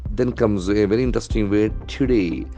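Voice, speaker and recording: A man leads a newspaper vocabulary lesson. His voice sits low and sounds mellow and dark. He spells words letter by letter and repeats each one. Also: brisk, soft background music. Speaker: English trainer.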